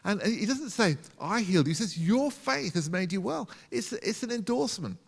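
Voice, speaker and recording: A man from the UK preaching a sermon in a church, his voice fairly high for a man. He keeps a conversational tone, asks the congregation rhetorical questions and acts out quoted lines. The sound carries a long hall reverb. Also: animated, normal speed, creaky, breathy edge. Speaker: pastor.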